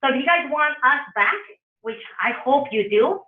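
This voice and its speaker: A woman's voice: high voice, lively intonation, normal speed, slight background noise. A woman with a Spanish accent, a public health trainer giving a chatty, playful conference talk. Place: conference room. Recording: far-off echoey phone-like audio.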